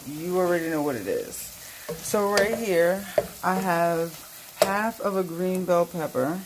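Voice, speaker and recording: A woman's voice: on the low side, animated, takes it slowly, very noisy. A woman hosting her own cooking channel, with a playful, sassy manner, talking straight to viewers as she cooks in her home kitchen. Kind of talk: casual cooking demo.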